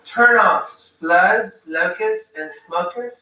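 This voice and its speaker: A man's voice: high-pitched, slow pace, heavy reverb, recorded from a distance, heavy background noise. A man performing a sardonic stand-up routine, mocking as he goes. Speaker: stand-up comic.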